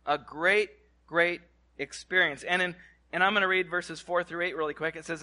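A man preaching to his congregation in a church, animated, repeating words and asking the room questions. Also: fairly high pitch, normal speed. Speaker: pastor. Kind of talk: sermon. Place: church hall.

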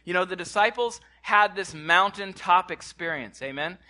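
Bright-voiced man preaching a sermon. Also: high-pitched, moderate pace. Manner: animated, repeats words, asks the congregation questions. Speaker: pastor. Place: church hall.

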